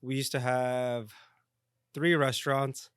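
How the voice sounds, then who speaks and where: Guest: man, 30s, easygoing chat, smooth clear voice, dry close sound. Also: medium pitch, flat delivery, slow pace, fairly bright tone, no room sound. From Southern California. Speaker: guest, restaurant owner's son. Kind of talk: casual interview chat.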